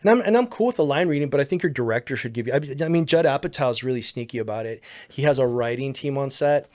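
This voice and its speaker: A man's voice: mid-range voice, expressive, fast, darkish tone, no echo. A man, an acting coach talking in a casual podcast chat, emphatic and rambling, swearing freely.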